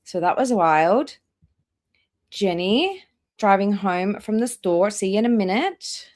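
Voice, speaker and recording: A woman hosting a live reaction stream, chatting casually and reading out viewer names one by one with drawn-out welcomes. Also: medium pitch, expressive. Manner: drawn-out welcomes, trailing off quieter.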